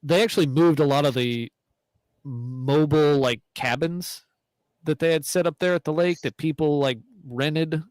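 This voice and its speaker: A man's voice: a little high, normal speed, a little mellow, dry recording, rough recording. A married man co-hosting a hunting podcast, telling a rambling story with restarts. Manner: rambling, self-correcting. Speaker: podcast co-host.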